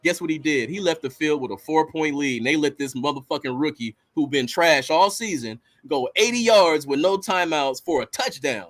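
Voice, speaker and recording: A man's voice: fairly high pitch, a bit bright. A man ranting about football as a guest on a fan podcast, profane and fired up. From Los Angeles area. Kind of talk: heated fan podcast rant.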